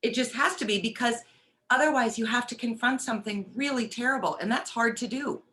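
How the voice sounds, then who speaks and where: A woman's voice: fairly high pitch, a little fast, sharp tone. A woman hosting a casual chat, reflective and empathetic with her guest. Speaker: host.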